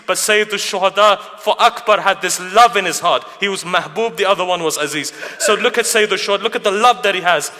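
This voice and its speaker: A man tells a sacred story as a sermon, full of feeling and rhetorical questions. His voice sits a little high and rings bright and forceful. The sound carries a long hall echo. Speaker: speaker at a mourning gathering. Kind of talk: narrative sermon. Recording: reverberant hall.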